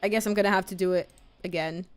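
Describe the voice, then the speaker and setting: A woman in her twenties streaming live, chatting casually, excitable and a bit nervous as she greets her viewers. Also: medium pitch, fast talker, faint music behind. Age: 20s. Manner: excitable, gushing greetings to chat; nervous, self-conscious chatter.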